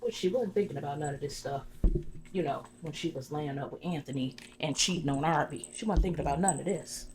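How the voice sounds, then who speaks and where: A low-voiced woman tells gossip in a chatty, rambling way, sprinkling "you know" through an ASMR salon role-play. A steady hiss runs under her voice. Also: a little fast. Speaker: ASMR creator.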